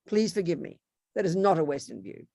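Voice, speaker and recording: A woman's voice: lowish voice, brisk, gravelly, no echo, studio quality. Blunt Australian woman teaching. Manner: blunt, emphatic and animated. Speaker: Buddhist teacher. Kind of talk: online Dharma talk with discussion.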